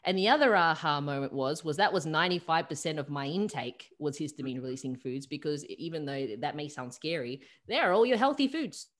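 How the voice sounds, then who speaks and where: An Australian woman, a holistic coach, telling a personal story over a video call, lively and full of fillers. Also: low voice, a little fast, few pauses. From South Australia. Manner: animated retelling with acted-out quotes and many fillers. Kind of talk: storytelling in an interview.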